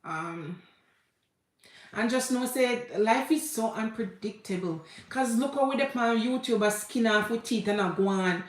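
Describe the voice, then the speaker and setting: Speaking unhurriedly in a fairly high voice, a woman vlogger in her thirties with a Jamaican accent shares a personal story. She is tearful and heartfelt, repeats herself, slips into patois, and the room echoes.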